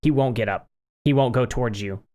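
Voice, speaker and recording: A man co-hosting a podcast chats casually in a lively, talkative way, acting out little quotes as he tells stories. His voice is mid-range and his pace fairly quick.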